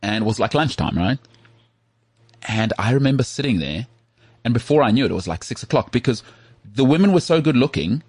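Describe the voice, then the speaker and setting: A man co-hosting a podcast, telling stories in an animated, emphatic way during casual chat. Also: mid-range voice, brisk, husky. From South Africa. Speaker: podcast co-host.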